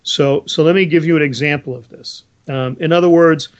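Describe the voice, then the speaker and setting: A man's voice: on the high side, fairly even intonation, a little fast. A man co-hosting a Bible discussion, explaining verses earnestly and reading scripture aloud. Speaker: Bible study co-host.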